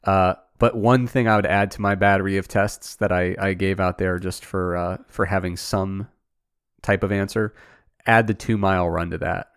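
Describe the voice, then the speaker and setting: A man co-hosting a podcast, talking casually in a relaxed, dry way. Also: deep voice, moderate pace, smooth, dry recording. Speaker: podcast co-host. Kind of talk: casual chat.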